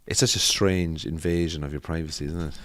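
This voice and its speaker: Cork irish guy, very low voice, rattles off crude jokes fast on a podcast. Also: fairly even intonation. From Cork, Ireland. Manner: quick, crude banter. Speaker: podcast guest, comedian. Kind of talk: casual comedic chat.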